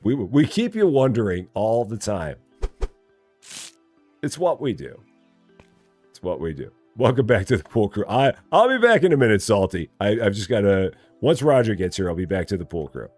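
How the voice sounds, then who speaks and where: Man, game streamer, low voice, jumpy lively intonation, rambling jokes, faint game music behind. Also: normal speed, slightly rough. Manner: jokey, rambling, laughs often, lively swings in pitch. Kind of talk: casual gameplay live stream chat.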